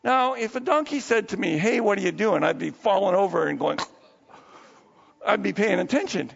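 A man preaches in a casual, folksy storytelling manner, in a rather high voice with a gravelly edge. His words ring through a long hall reverb. The recording is dull and lo-fi. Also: lively intonation, moderate pace. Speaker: pastor. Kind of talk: sermon.

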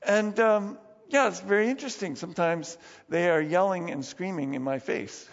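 High-voiced male pastor in reverberant hall. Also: very animated, unhurried. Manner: storytelling with chuckles and restarts. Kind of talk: conversational sermon. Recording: long reverb, dull lo-fi sound.

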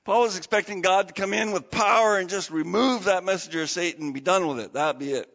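A male pastor giving an animated, dramatic sermon in a church and asking the congregation questions. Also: sits high, fast talker, long reverb tail, muffled recording.

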